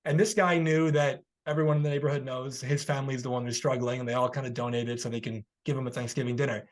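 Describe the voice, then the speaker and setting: A man's voice: mid-range voice, little pitch movement, fast talker. A man hosting a podcast interview, earnestly telling a story and offering encouragement, who works as a healer himself.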